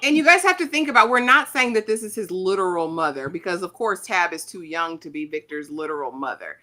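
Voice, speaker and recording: Bright-voiced woman hosting a recap. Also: lowish voice, lively intonation, a little fast. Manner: storytelling recap, then hands questions to panelists. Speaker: host. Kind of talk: casual TV recap chat.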